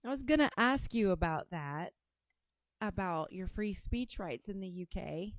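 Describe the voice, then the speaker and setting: A woman's voice: medium pitch, animated, a little slow, background noise. A woman from Appalachia hosting a show, reacting to clips with sassy, mocking asides. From Appalachia, United States. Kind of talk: casual commentary.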